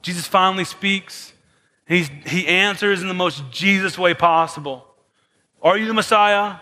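A man preaching a sermon as pastor, moving between soft, hushed lines and raised, emphatic ones. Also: sits high, normal speed. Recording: long hall reverb.

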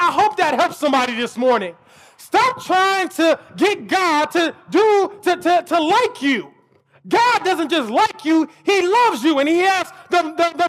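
A man preaching with an unusually high voice. He builds his points into near shouts and often doubles back over his words as he goes. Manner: repeats words when he restarts. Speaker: pastor. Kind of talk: sermon.

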